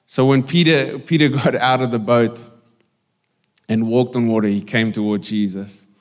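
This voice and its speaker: Pastor preaching in a reverberant hall. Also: male voice, medium pitch, fairly even intonation, normal speed. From South Africa. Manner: conversational, jokes with the congregation and slips into Afrikaans. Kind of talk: sermon. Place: church hall. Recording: long reverb of a church hall.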